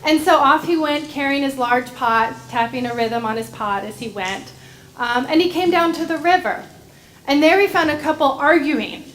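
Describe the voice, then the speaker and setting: A woman gently telling a story to children during a church service. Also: high-pitched, normal speed, a little hiss or hum. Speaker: director of religious education. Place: church sanctuary.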